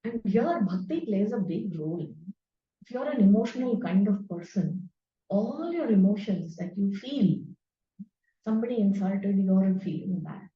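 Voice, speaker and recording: A woman's voice: medium pitch, animated, a little slow. A woman, earnestly explaining scripture to a class and tossing in tag questions like "no?". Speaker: spiritual teacher. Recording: roomy, distant, dull-sounding.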